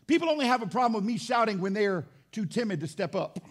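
A man preaching a sermon as pastor, emphatic and rising to shouts. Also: sits high, lively intonation, fast, few pauses.

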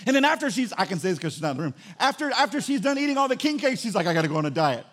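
A man's voice: extremely high pitch, animated, very fast, a bit bright. A man preaching a sermon as pastor, joking and acting out little asides as he goes.

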